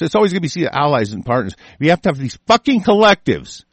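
A political commentator launches into a furious, heavily profane solo rant about the news. His voice sits on the high side, sing-song with a breathy edge, and he talks fast with few pauses. The recording is dry.

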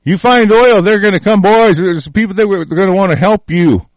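A man's voice: high-pitched, a little fast, no echo. A man delivering a heated, profane political rant, stumbling over his words.

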